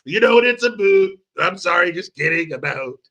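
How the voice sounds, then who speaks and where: A man's voice: fairly high pitch, lively intonation, moderate pace, pushed and bright. A man putting on a blustering, boastful male president, rambling along in a crude, mock-apologetic way.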